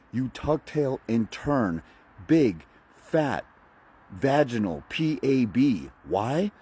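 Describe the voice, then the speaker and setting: Man, fathers' rights advocate, mellow husky voice, preachy motivational rant. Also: medium pitch, dry recording. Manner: blunt, profane, mocking; preachy, uses film analogies.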